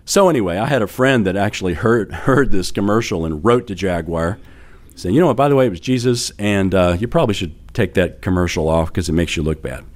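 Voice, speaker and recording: Conversational middle-aged male preacher, slightly low. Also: brisk. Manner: conversational storytelling with fillers and light laughter. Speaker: pastor. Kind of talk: sermon.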